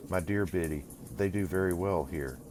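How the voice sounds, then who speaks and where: A man's voice: sits low, moderate pace, darkish tone, slight background noise, close to an everyday voice. A man voicing a proud young man newly come into fortune, who talks down in a lofty, condescending way.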